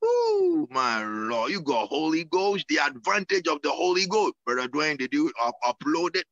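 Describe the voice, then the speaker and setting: Fervent preacher, gravelly voice. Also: male voice, a little high, expressive, moderate pace, fairly bright tone, no room sound, highs cut off. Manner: fervent, with whoops and laughter, repeating words. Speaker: apostle preaching. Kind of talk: sermon and prayer.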